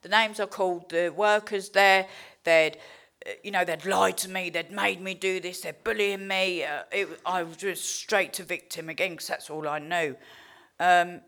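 A woman's voice: lowish voice, fairly even intonation, moderate pace, fairly bright tone. An English woman giving a candid, heartfelt recovery testimony, swearing freely and telling her story with animation. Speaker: recovery speaker.

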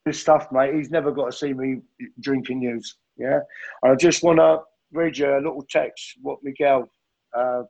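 A man's voice: medium pitch, steady tone, normal speed, vocal fry, darkish tone, muffled recording. A man sharing his recovery story at a meeting, earnest and heartfelt, often calling listeners "mate". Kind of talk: personal testimony at a recovery meeting.

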